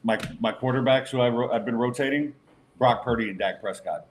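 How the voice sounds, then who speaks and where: A man's voice: medium pitch, brisk. A man hosting a sports podcast, chatting casually in a loose, joking way with lots of fillers. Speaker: podcast host.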